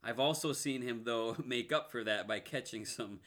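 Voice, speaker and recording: Male sports talk co-host, bright tone, earnest, number-heavy, passionate. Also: medium pitch, moderate pace. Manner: earnest, stat-driven, swings to passionate outbursts. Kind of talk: casual sports banter.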